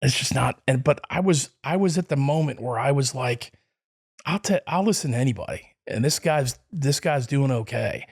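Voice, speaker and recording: A man's voice: mid-range voice, lively intonation, moderate pace, gravelly, slightly rough. A middle-aged man, telling a long personal story in an interview, rambling with many restarts and fillers. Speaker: podcast guest. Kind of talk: casual storytelling.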